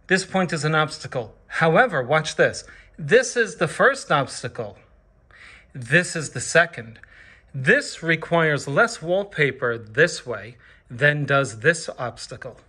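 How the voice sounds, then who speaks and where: A man's voice: fairly high pitch, bright, forceful tone. A man who installs wallpaper, hosting his channel and giving a patient, step-by-step how-to tutorial from indoors at a client's home studio, encouraging the viewer as he goes.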